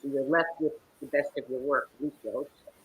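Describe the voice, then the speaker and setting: Animated, husky-voiced woman telling stories. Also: rumbling low, fast talker, rough recording. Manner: animated, theatrical storytelling. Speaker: guest actress. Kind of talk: interview conversation. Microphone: video call.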